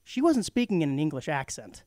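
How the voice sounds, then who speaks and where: A man co-hosting a community radio talk show, telling a rambling, animated anecdote full of fillers. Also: fairly high pitch, a little fast, no room sound, clean studio sound. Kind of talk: casual chat, storytelling.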